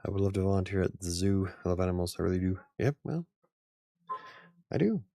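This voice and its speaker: Gravelly low-voiced rambling man. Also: lively intonation, brisk, dark tone, no echo, clean studio sound. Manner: rambling, chuckles often. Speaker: channel host. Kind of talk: casual live-stream chat.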